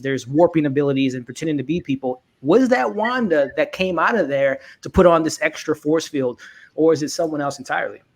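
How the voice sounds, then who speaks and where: A man hosting a casual discussion podcast, leading the talk and passing questions to his co-hosts. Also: on the high side. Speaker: podcast host. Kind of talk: casual pop-culture discussion.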